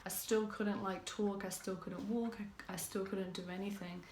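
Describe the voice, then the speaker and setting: A woman's voice: medium pitch, flat delivery, normal speed, a little mellow, slight background noise. A young woman from New Zealand, a vlogger telling a personal story in casual talk, full of fillers and restarts. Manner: rambling, many fillers and restarts. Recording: roomy echoey room.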